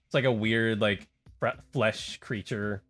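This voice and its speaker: A man livestreaming in casual chat, rambling and excitable, talking straight to his viewers and reading bits aloud. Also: lowish voice, measured pace. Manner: rambling and excitable, heavy on "like" and "dude"; talks to chat, reads text aloud. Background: faint music.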